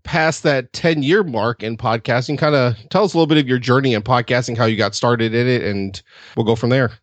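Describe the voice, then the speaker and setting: A man hosts a podcast interview, easing into questions with a few "um"s and restarts. His voice has an average pitch. He is recorded dry, with no room echo. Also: a little fast. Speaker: podcast host.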